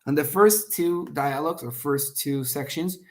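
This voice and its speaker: This online class lecture features a man teaching test prep in a voice on the high side at a moderate pace. He goes step by step, peppers his explanation with "okay?", and performs example lines with sharp emphasis.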